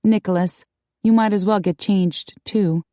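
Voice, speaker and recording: A woman voicing a brisk young female TV reporter in an audiobook, who speaks in a brisk, managing way. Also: medium pitch, steady tone, dark tone, no room sound, clean studio sound, voice pushed up, natural voice. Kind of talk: audiobook character voice.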